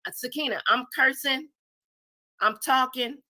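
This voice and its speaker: A woman's voice: high voice, a little slow, sharp tone. A woman hosting her channel, reacting bluntly to a clip in casual commentary and swearing freely. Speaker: channel host.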